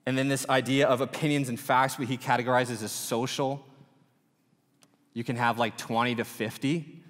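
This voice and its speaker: A man's voice: mid-range voice, normal speed. Male pastor in his thirties, easygoing conversational preacher, big reverberant room. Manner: casual, animated preaching with many fillers. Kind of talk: sermon. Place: church auditorium. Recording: reverberant church hall.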